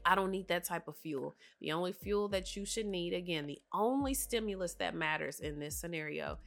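A woman's voice: fairly low pitch, moderate pace, vocal fry, a bit bright, faint music behind. A woman hosting a solo motivational talk, speaking earnestly and directly to her listeners, her voice a bit nasal and congested from a cough. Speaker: podcast host.

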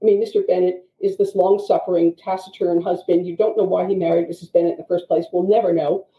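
A woman teaching writing craft, explaining in an animated way with quick asides. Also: fairly low pitch. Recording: dull, echoey audio.

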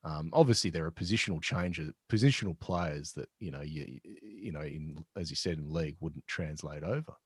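A man's voice: a bass voice, normal speed, few pauses, slightly rough, no room sound, clean studio sound. A man hosting a podcast, telling a sports story casually with lots of restarts. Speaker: podcast host.

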